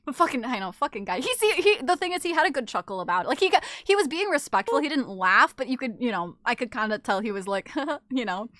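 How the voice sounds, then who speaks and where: A woman's voice: on the high side, sing-song, fast talker, fairly bright tone, no echo, clean studio sound. A young woman streaming a video game, chatting casually to her viewers, giggly and self-mocking, swearing freely. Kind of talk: casual gaming stream chat.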